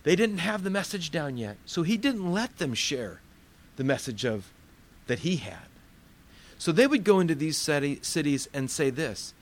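A man's voice: on the high side, sing-song, normal speed. A man preaching a sermon in a conversational, storytelling way, often acting out the voices of the people in his story.

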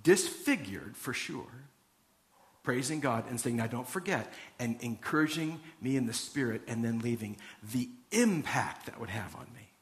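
A man's voice: medium pitch, animated, moderate pace. A man preaching a conversational sermon, reading scripture and asking his listeners questions. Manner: conversational Bible teaching with rhetorical questions. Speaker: pastor.

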